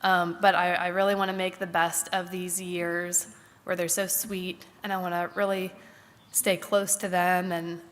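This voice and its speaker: A woman in her thirties gives a candid, thoughtful personal reflection at a church service, pausing often with fillers as she gathers her thoughts. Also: lowish voice, flat delivery, fairly bright tone, slight background noise. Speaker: congregant sharing a Mother's Day reflection. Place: church sanctuary. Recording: long church reverb.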